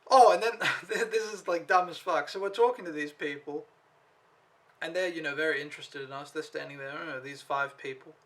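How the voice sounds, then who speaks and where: A young man vlogging, telling a story in a casual, animated way and swearing freely as he acts out his own reactions. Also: a little high, brisk.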